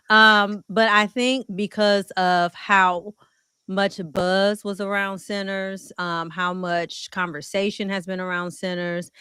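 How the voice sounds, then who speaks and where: A woman co-hosting a film talk show in relaxed, chatty conversation. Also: medium pitch, clear, resonant tone, dry recording, clean studio sound. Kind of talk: casual chat.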